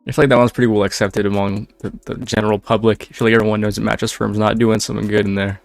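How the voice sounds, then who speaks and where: Fast-talking gravelly man, dry sound. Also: on the low side, dry recording, faint music behind. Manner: relaxed, offhand remarks. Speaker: reaction host. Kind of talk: casual reaction commentary.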